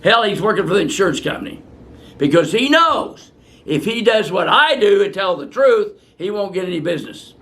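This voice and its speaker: A man's voice: high-pitched, lively intonation, normal speed, a bit bright. An older male physician answering viewer questions in a blunt, fiery and profane way, ranting at length. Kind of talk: unscripted question-and-answer talk.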